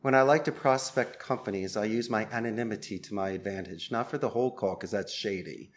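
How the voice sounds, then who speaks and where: A man's voice: fairly low pitch, fairly quick. Upbeat, persuasive man in an interview. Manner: persuasive salesman's delivery, upbeat. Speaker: podcast guest, call center owner. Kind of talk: conversational interview.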